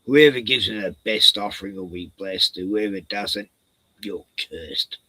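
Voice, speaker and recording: A man putting on a gruff, profane, demanding male God, blunt and dismissive. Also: lowish voice, measured pace, bright, forceful tone, dry recording, voice pushed down.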